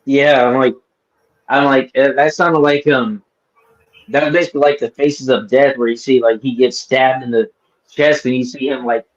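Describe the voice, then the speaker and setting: A man joining a livestream chat, rambling and halting with lots of fillers. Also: mid-range voice, steady tone, highs cut off. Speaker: co-host guest. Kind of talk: casual chat.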